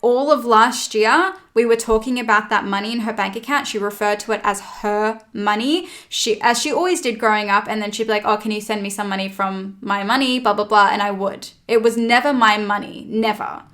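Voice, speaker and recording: A woman's voice: mid-range voice, a little fast, few pauses. Woman telling a story with lots of swearing. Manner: animated, swears freely, retells her own dialogue. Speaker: podcast guest. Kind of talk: casual storytelling chat.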